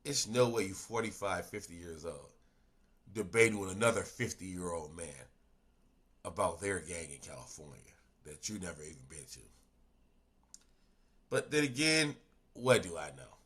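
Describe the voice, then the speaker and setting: A man's voice: low voice, lively intonation, normal speed, long pauses, a bit bright. A man streaming a reaction video with casual, profane commentary, firing off rhetorical questions.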